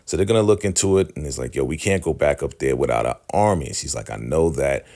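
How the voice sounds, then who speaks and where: Very deep-voiced man recapping a show. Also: expressive, darkish tone. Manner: retells scenes in quick paraphrased quotes. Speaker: recap host. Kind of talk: casual episode recap.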